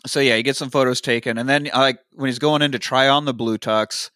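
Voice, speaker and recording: A man co-hosting a podcast, recapping a movie with lively quoted lines, swearing and laughs. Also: mid-range voice, brisk, dry recording, clean studio sound. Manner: animated retelling, quoting characters, swearing, laughing. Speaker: podcast co-host. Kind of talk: casual movie recap chat.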